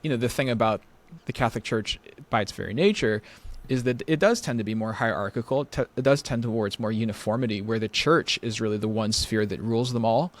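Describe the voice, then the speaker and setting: Low-voiced man explaining theology carefully. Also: brisk. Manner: explains carefully with many "you know" fillers. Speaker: podcast guest. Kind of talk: conversational theological discussion.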